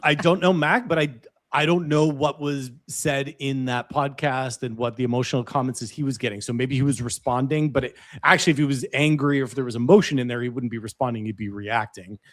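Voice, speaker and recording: Measured man talking on a panel. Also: medium pitch, fairly even intonation, fairly bright tone. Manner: measured, hedging, with frequent restarts. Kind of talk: panel discussion.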